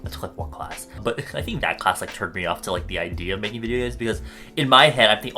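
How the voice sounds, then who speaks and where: A man's voice: on the low side, fast talker, sharp tone, faint music behind. A young American man answering viewer questions in a casual vlog. He swears a lot and rambles off on tangents. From United States.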